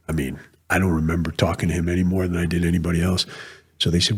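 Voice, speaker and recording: Older man, retired officer, interview guest, rambling storytelling, husky, deep. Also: level tone, quick pace. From New England, US. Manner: rambling anecdotes with frequent restarts. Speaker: guest, retired Marine colonel.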